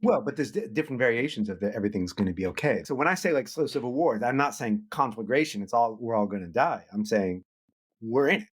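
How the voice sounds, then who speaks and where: A middle-aged man, an author and guest in a podcast interview, talking in an animated way. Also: mid-range voice, brisk, slightly rough. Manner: animated, acts out quoted voices.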